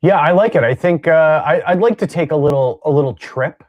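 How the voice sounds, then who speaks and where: Man, mid pitch, teasing co-host, halting, lots of fillers, dry close sound. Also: a little mellow, no echo, highs cut off. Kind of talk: casual podcast banter.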